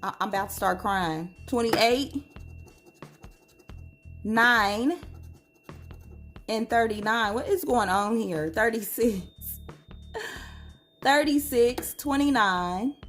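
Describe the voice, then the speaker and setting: A woman's voice: a little high, a bit bright, faint music behind. A woman chatting casually to viewers while scratching lottery tickets and reading numbers aloud. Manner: chatty, slow and drawn-out, reads numbers aloud.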